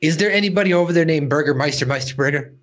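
A man's voice: on the high side, very fast, a bit bright. A man hosting a casual podcast, joking around and asking long, rambling questions. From United States. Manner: jokey, asks rambling questions. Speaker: podcast host. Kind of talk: casual chat.

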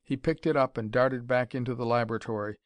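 A man reading an adventure novel aloud in a steady, even storytelling manner. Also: mid-range voice, quick pace, dry recording. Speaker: audiobook narrator. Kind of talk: scripted audiobook narration.

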